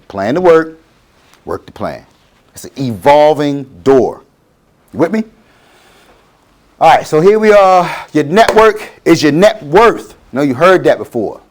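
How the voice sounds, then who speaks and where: A man's voice: medium pitch, sing-song, unhurried, pauses often. A middle-aged man, giving a motivational talk to students and acting out quotes in changing voices. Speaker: guest speaker.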